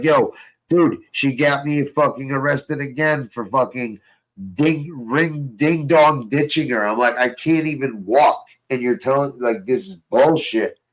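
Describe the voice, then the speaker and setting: A man's voice: medium pitch, fairly bright tone, low-quality recording. A young man telling rambling, profane stories in casual chat with a friend. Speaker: host.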